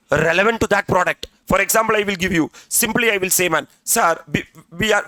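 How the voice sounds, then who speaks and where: A man's voice: high-pitched, sharp tone, no echo. A middle-aged man, teaching a classroom lecture in a chatty way, often checking if the class is with him. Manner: chatty, keeps asking "are you with me", says "sir" often. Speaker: CA exam tutor. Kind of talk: classroom lecture with story examples.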